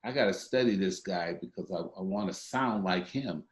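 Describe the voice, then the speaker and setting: Deep-voiced older man recalling his career. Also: moderate pace, echoey room. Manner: reflective, with fillers and restarts. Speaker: guest singer. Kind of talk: interview conversation.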